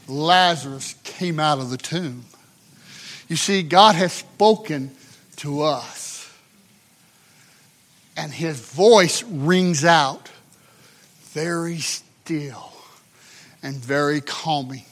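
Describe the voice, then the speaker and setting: A man preaching a sermon, swinging between shouted emphasis and hushed, drawn-out passages. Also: fairly high pitch, lively intonation.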